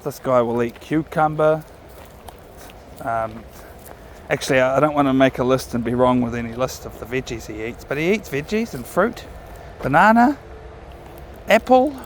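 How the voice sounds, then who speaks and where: In this casual walking vlog, a man with a New Zealand accent talks to camera as he walks his dog outdoors by a river. His medium-pitched voice is expressive at a moderate pace, he rambles and corrects himself mid-sentence, and there's slight background noise.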